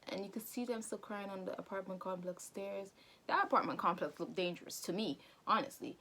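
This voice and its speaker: A woman's voice: medium pitch, pushed and bright, a little hiss or hum. Chatty woman recapping an anime. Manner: chatty, slangy, quick asides to viewers. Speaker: anime reviewer vlogger. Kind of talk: casual movie recap commentary.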